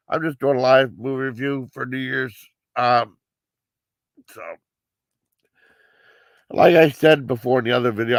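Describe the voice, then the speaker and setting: A man's voice: medium pitch, no room sound. A man giving a casual live movie review, rambling with many fillers and restarts.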